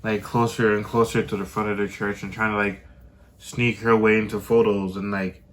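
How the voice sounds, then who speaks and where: A man's voice: lowish voice, level tone, normal speed. A man co-hosting a podcast, telling a story in a casual, slangy way and acting out the quotes with animation. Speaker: podcast co-host.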